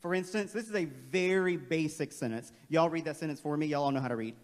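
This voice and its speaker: A man leading a playful, energetic, interactive staff training workshop in a large auditorium. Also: a little high, fast talker. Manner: playful, energetic, calls on the crowd. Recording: long hall reverb.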